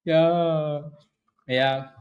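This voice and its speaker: The recording is muffled, and the man's slightly high, steady voice moves very slowly. Hosting a live stock trading stream, he chats loosely about the market, answers viewers by name, and restarts himself a lot.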